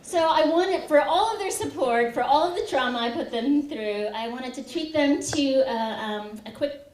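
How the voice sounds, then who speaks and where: A woman's voice: high-pitched, moderate pace, darkish tone, a little hiss or hum. A woman poet giving a reading, telling personal stories in a chatty way and laughing often. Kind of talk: poetry reading with personal anecdotes. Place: university lecture hall. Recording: echoey hall from far off.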